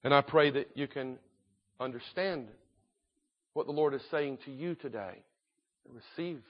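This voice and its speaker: A man preaching a sermon in an earnest, emphatic way, slowing down and swelling in volume to drive points home. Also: medium pitch, highs cut off.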